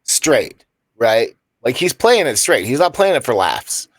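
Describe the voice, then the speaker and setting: A man's voice: medium pitch, big pitch swings, measured pace. A man co-hosting a podcast, making wry, sarcastic quips in casual banter about a movie. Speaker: podcast co-host.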